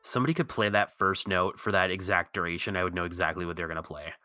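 A man's voice: low voice, fairly even intonation, bright, forceful tone, faint music behind. A man co-hosting a podcast, talking casually and jokingly, swearing now and then. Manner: jokey, swears, quick to laugh. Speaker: podcast co-host. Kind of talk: casual chat.

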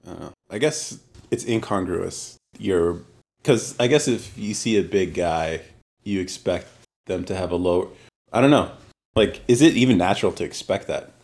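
Male co-host, mid-pitched voice, playful and teasing, easy conversational rhythm. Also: animated, normal speed, creaky, darkish tone. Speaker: podcast co-host and editor. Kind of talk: casual chat.

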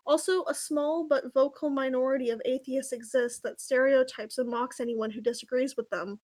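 A sarcastic young male villain from a parody fan story, whiny and defensive, explaining himself in a flat voice. A woman reads him aloud in a voice close to her own. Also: sits high, moderate pace.

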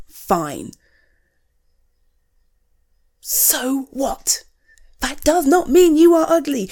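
A woman's voice: medium pitch, darkish tone. A woman playing a blunt, caring best friend. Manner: blunt, swearing, frank tough love. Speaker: friend talking to the listener. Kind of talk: one-sided audio role-play.

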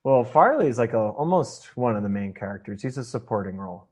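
Relaxed male podcast guest from new england, lively up-and-down voice, laughs a lot. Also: mid-range voice. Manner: laid-back, quick to laugh. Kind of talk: casual chat.

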